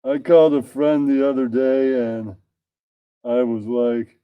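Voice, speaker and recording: A man reads crude stand-up bits aloud and caps the jokes with flat deadpan tags. His voice is mellow and smooth, with a resonant tone. The sound is close and dry. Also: medium pitch, measured pace, dry recording. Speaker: comedian reading his own bits.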